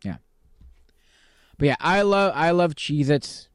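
A man's voice: on the high side, animated, slow, smooth, no room sound, clean studio sound. A man co-hosting a podcast in casual chat, rambling with lots of ums and playful sarcasm. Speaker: podcast co-host.

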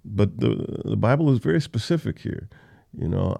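A man's voice: lowish voice, animated, moderate pace, vocal fry, dark tone, husky. A man hosting a Bible study podcast, teaching in a casual, conversational way on a close mic. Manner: conversational, with fillers and restarts.

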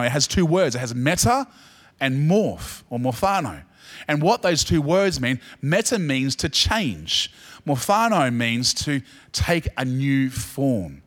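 Animated Australian pastor preaching. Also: male voice, fairly high pitch. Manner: animated, swings from soft asides to loud emphatic peaks; chatty, joking asides with the congregation. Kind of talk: sermon.

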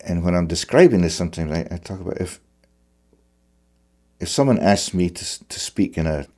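A man's voice: deep voice, expressive, fairly quick, darkish tone. A male fiddler in conversation, talking thoughtfully and searching for his words as he describes how he plays. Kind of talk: conversational reflection on music.

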